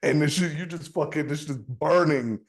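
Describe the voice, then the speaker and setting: A man with a gravelly, fried edge and a voice that sits a bit high co-hosts a podcast. He rambles through casual chat, swearing freely and stumbling over repeated words. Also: a little fast. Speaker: podcast co-host.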